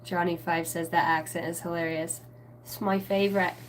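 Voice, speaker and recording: Over a little hiss or hum, a lowish-voiced woman answers viewers live during a casual spiritual reading on her stream. Her delivery is flat and her pace normal, and she keeps rambling, cursing occasionally, making fun of herself, and drifting off before finishing thoughts.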